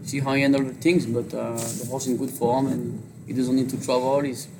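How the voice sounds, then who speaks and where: French-accented man, halting and noisy. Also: medium pitch, little pitch movement. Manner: halting, filler-heavy speech with many "you know"s. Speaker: jockey. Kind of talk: interview on horse racing.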